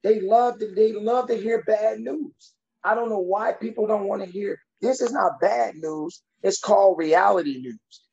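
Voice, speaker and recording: A man's voice: high voice, unhurried, creaky, a little mellow, lo-fi sound. A man who works as a coach, talking bluntly and emphatically in a conversation and giving tough-love advice. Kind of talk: podcast conversation.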